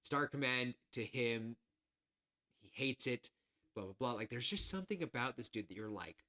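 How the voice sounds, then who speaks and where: A podcast co-host, male, pitches a film idea in casual conversation, rambling with plenty of fillers and self-corrections and sounding a little nervous. His delivery is expressive and bright, with a forceful tone at a moderate pace.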